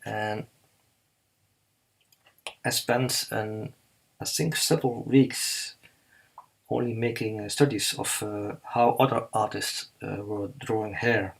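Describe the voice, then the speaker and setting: Halting, husky-voiced man teaching drawing. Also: lowish voice, steady tone, poor audio. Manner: halting, many fillers and restarts, slow and careful. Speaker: artist teaching live drawing. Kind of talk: live drawing demonstration.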